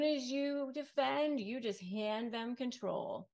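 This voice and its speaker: A woman's voice: on the high side, slow, hardly any pauses, a little mellow. A middle-aged woman, an attorney, giving direct-to-camera advice in an emphatic manner, repeating key phrases and acting out short quotes. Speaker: attorney and online coach.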